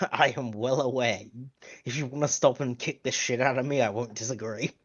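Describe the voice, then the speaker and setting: A man's voice: mid-range voice, steady tone, moderate pace, highs cut off. An Australian man chatting casually, rambling and joking. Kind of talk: casual chat.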